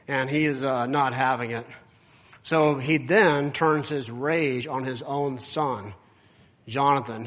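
A man's voice: mid-range voice, fairly bright tone, dull audio. A man preaching a sermon, reading scripture aloud and explaining it in a casual, conversational way with lots of filler words. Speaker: pastor.

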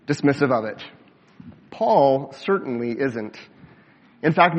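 A man preaching a sermon as pastor, measured and deliberate, slowing down for emphasis and dropping low at the ends of phrases. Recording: dull sound with long hall reverb.

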